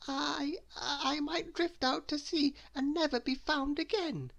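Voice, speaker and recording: A man's voice: slow, creaky, fairly bright tone, heavily acted. A man voicing a tiny, nervous storybook character who stammers and shrieks in panic. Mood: timid stammer. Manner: shrill, stammering, terrified. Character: tiny panicky nervous male blob, trembling.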